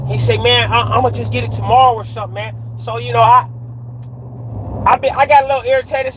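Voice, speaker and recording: A man's voice: very high voice, a little hiss or hum, poor audio. A man livestreaming from his car at night, telling a story in street slang and checking in with viewers. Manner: street slang, frequent "right?" tags, greets viewers mid-story. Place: inside a car on a dark road at night.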